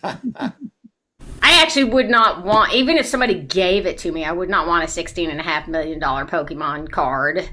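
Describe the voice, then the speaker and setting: A woman from South Carolina, doing a dry stand-up set over a video call, with quick asides and mimicry. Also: lowish voice, bright, forceful tone. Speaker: stand-up comedian.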